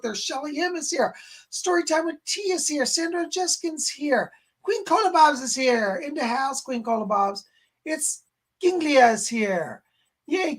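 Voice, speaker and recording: A man hosting a live stream as a psychic medium, hoarse and clearing his throat, greeting viewers with exuberant casual chat and calling himself by name. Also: very high-pitched, fairly bright tone. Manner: exuberant, calls himself by name in the third person.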